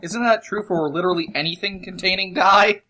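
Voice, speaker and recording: A man with a high voice co-hosting a casual chat. He is playful and keeps cutting in with a string of "no, no, no" before he argues his own point. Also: pushed and bright. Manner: playful, quick to object with repeated "no, no". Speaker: co-host.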